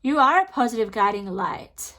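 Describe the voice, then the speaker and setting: A woman's voice: fairly high pitch, animated, normal speed, sharp tone. A woman giving a pick-a-card tarot reading to camera, speaking in a chatty, reassuring way with many fillers. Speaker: tarot reader.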